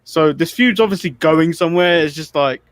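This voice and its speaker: A man with a slightly high voice hosts a casual wrestling recap, moving from topic to topic. His remarks are wry and critical, and the recording sounds dry and close. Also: normal speed, no echo. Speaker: wrestling podcast host. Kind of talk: casual chat.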